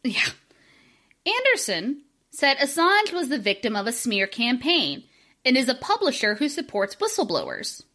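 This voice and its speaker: Woman podcast host, high and lively voice, sarcastic, reads from notes. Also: moderate pace. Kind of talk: casual comedic podcast chat.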